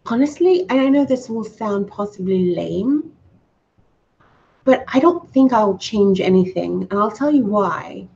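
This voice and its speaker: A woman's voice: mid-range voice, lively intonation, unhurried, gravelly, darkish tone. Guest spot: woman, lightly British-tinged island accent, gracious and thoughtful, muffled lo-fi line. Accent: Caribbean island English with British influence. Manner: gracious, thoughtful, hesitant starts. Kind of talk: casual interview chat. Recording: dull lo-fi audio.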